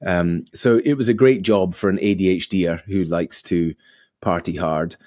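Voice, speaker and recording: A man, a podcast guest telling his story in a casual, animated way, full of ums and restarts. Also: deep voice, moderate pace, dry recording, clean studio sound. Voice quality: animated, with many fillers and restarts.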